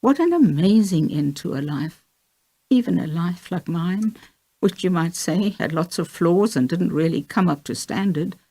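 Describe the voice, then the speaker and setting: Woman voicing a young woman facing cancer, teary, earnest, low husky voice, swinging pitch, audiobook. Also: animated, unhurried, dark tone, heavily acted. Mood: heartfelt. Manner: teary, heartfelt. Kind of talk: audiobook reading of a memoir.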